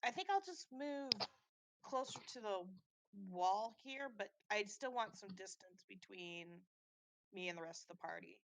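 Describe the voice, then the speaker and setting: A woman's voice: medium pitch, animated, a little slow, poor audio. A woman chatting as a player in a tabletop game, hesitant and full of fillers. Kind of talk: casual tabletop chat.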